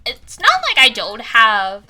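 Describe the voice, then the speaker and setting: A woman's voice: a little high, huge pitch swings, slow pace, bright, forceful tone. A young adult woman streaming a game, chatting casually and rambling with lots of fillers and giggles. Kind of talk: casual gaming stream chat.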